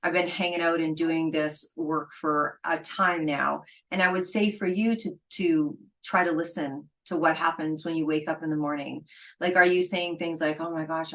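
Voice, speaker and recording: A woman's voice: low-pitched, fairly bright tone, poor audio. A middle-aged woman hosting a solo podcast, talking candidly and conversationally, sometimes acting out what her friends said. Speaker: podcast host.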